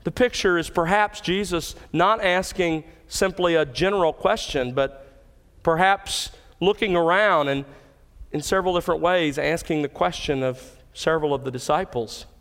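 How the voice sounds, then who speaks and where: A man's voice: a little high, moderate pace, fairly bright tone. A man preaching an expository sermon as pastor, stressing key words with emphasis. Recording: hall with long reverb.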